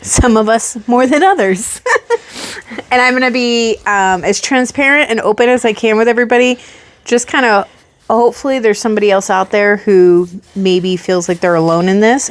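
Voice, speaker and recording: A woman hosting a casual podcast chat. She talks in an animated, giggly way and acts out her reactions. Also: medium pitch, moderate pace. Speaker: podcast host.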